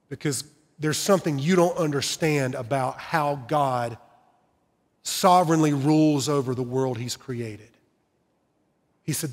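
A man's voice: a little high, long reverb tail. A middle-aged man preaching a sermon in church, telling personal stories in an earnest, heartfelt way. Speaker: pastor. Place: church sanctuary.

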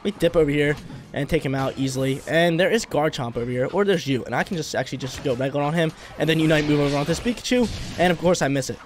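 A young man giving hyped, slangy commentary over his own gameplay as a gaming YouTuber, reacting quickly to each play. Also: on the high side, slight background noise. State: briefly coughing.

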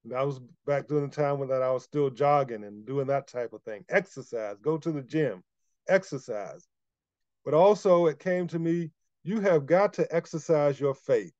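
A man's voice: a little high, normal speed, warm tone, no echo, lo-fi sound. A man preaching a sermon, emphatic and repeating key phrases for weight.

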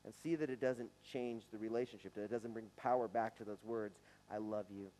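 A man's voice: mid-range voice, steady tone, a little fast, mellow, poor audio. A man in his forties, a pastor preaching a conversational, earnest sermon to his church, now and then stumbling over his words. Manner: conversational, earnest, with some stammered restarts. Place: church sanctuary.

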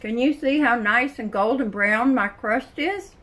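An older woman talks to her viewers from her kitchen at a slow, easy pace. She is chatty and folksy, often breaking into exclamations. She sounds tired. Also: fairly high pitch, a bit bright. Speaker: vlogger. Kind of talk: casual chat to camera. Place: home kitchen.

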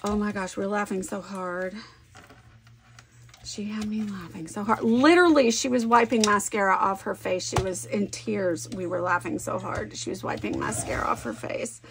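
A woman chatting casually while she works on a scrapbook layout at home. She is animated, thinks aloud and laughs often. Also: medium pitch, moderate pace, faint music behind. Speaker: scrapbooking vlogger. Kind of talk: casual chat while crafting.

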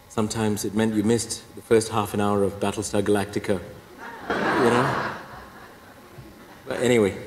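A Catholic priest from Singapore, in his fifties, gives a humorous personal testimony, poking fun at himself and laughing at his own jokes. His voice is fairly low and a little mellow. The hall is echoey, with faint background noise.

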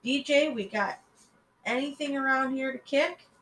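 A woman voicing a calm, teasing grown man who runs recess. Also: sits high, a little slow, roomy sound, a little hiss or hum, pitched above the performer's own voice. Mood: sly. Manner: easygoing, teasing. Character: calm, sly adult man running recess.

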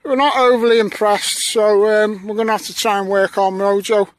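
A man's voice: sits high, level tone, normal speed, no room sound. A man vlogging a metal detecting trip outdoors, joking and bantering with his mates. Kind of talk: casual outdoor vlog chat. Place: outdoors in fields.

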